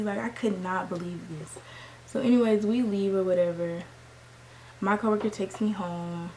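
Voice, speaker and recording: A woman's voice: mid-range voice, normal speed, slight background noise, poor audio. A young woman vlogger telling a story in casual slang while she does her makeup, acting out what each person said. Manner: animated, slangy, acts out quoted lines. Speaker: beauty vlogger.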